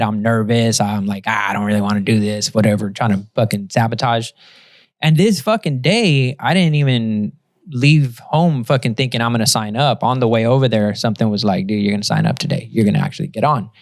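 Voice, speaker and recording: A man's voice: mid-range voice, no echo, clean studio sound. A man guest on a podcast, telling a story in loose casual chat with lots of swearing and fillers.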